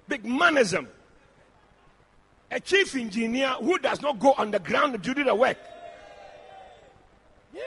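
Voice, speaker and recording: A male preacher delivers a fiery church sermon, his voice high and bright. He swings his pitch widely and often breaks into shouts, with a husky edge. He speaks straight to the congregation. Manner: shouting, animated, addressing the congregation directly.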